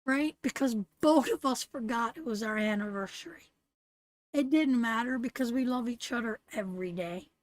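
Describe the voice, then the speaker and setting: A middle-aged Canadian woman, a tarot reader and host, runs a live-stream tarot reading and chat, giving viewers a pep talk in a blunt way and cursing freely. Her voice sits high at a moderate pace. The sound is dry and close, with no room echo.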